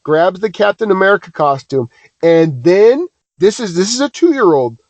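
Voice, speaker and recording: His voice sits high and moves at a normal speed as this podcast co-host rambles through casual, self-deprecating stories. With no room sound, he comes across animated and keeps restarting his sentences.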